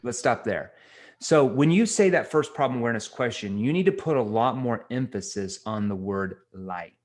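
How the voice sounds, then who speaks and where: Middle aged sales coach guy, direct, pauses for emphasis, normal pitch. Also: expressive, a little mellow. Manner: direct, instructive, slows down for emphasis. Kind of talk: coaching role-play feedback.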